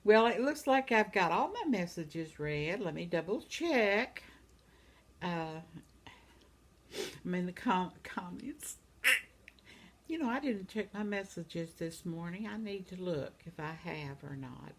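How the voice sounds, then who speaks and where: A woman's voice: lowish voice, animated, slow, slight background noise. A woman in her seventies chatting casually at home, reading out viewer comments and laughing often. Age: 70s. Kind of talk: casual chat.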